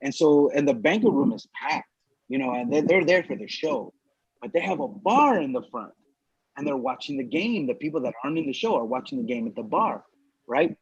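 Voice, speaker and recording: A comedian from Los Angeles telling a story in casual chat, animated and profane, acting out the people he quotes. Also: a little high, brisk, slightly rough, no room sound. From Los Angeles, USA. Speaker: comedian podcast co-host. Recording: dull lo-fi dry sound.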